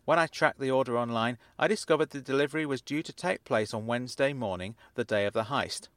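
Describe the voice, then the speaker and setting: A man reading his own comic story in the first person, with a dry, deadpan delivery. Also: mid-range voice, fast talker, no echo. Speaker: author and narrator. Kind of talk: first-person audiobook narration.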